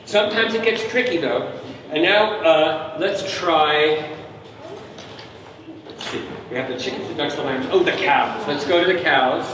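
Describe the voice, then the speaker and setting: A man's voice: fairly high pitch, a little slow, noisy background. Playful man coaching a concert audience. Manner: playful, encouraging, imitates animal sounds. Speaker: composer leading a family concert. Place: large concert hall. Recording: echoey hall recorded from far off.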